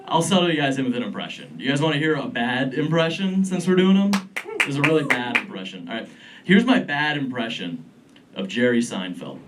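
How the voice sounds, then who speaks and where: A man's voice: mid-range voice, big pitch swings, fairly quick, fairly bright tone, far from the mic, a little hiss or hum. A young man doing a stand-up set in a comedy club, rambling and chuckling at his own jokes. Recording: club room, crowd laughter. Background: audience laughter.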